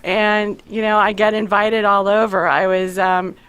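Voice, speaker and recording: A woman's voice: mid-range voice, little pitch movement, a little slow, fairly bright tone, clear, resonant tone. Candid woman author on the radio. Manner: candid, self-deprecating, rambling. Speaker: author guest. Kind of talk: casual radio interview.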